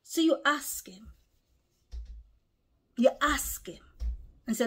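A woman preaching a sermon to her video audience. She talks emphatically, repeats herself, and pauses to recollect. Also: on the high side, husky.

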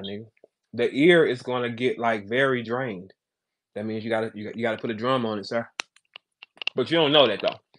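A man hosting a casual talk show, taunting and mocking someone in profane slang. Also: mid-range voice. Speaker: show host. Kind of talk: casual trash-talk commentary.

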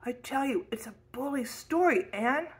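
A woman's voice: a little high, expressive, a little slow. A woman voicing a blunt, chatty nine-year-old boy in a storybook reading. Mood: enthusiastic. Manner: chatty, curious, cheerfully outspoken.

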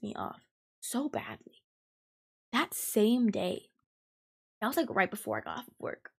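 A woman in her twenties hosting a podcast, venting heatedly and profanely about a coworker, talking fast with lots of fillers. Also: medium pitch, wildly swooping pitch, creaky, slightly rough. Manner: fast and emphatic. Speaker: podcast host. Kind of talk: ranting storytime podcast.

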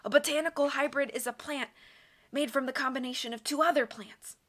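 Woman reading as a wheezy bookish teen boy, rough voice, kinda high and sharp. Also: a little fast. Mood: wheezy, strained.

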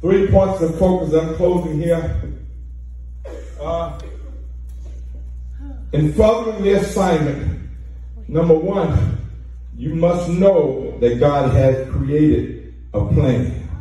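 A man's voice: on the high side, takes it slowly, long pauses, mellow. A man preaching a sermon to a congregation, joking and sliding into a chanted, sing-song cadence. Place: church sanctuary. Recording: echoey church hall from far off with music.

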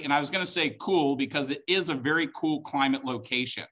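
Speaking a little high, brisk and sharp in tone, a middle-aged man teaches a live-streamed wine tasting class. He keeps things chatty and joking while walking his audience through every wine.

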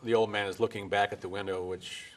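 A man interviewing guests about a film, asking measured, gently prompting questions. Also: lowish voice, little pitch movement.

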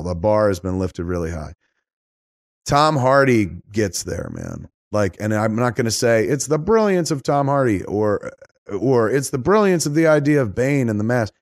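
Low-voiced profane podcast host. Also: male voice, no room sound, clean studio sound. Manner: animated, profane, rambling. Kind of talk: casual chat.

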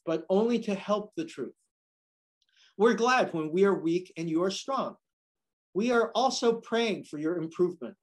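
Male priest teaching a scripture lesson, animated intonation, conversational and explanatory. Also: sits high. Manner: explanatory, many fillers and "right?" asides. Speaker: priest teaching a Bible class. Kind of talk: lecture with scripture reading.

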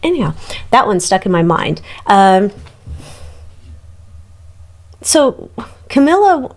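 A woman giving a casual, gossipy and irreverent tarot reading to her viewers, full of asides. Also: sits high. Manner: gossipy, irreverent, frequent ums and laughs. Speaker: tarot reader.

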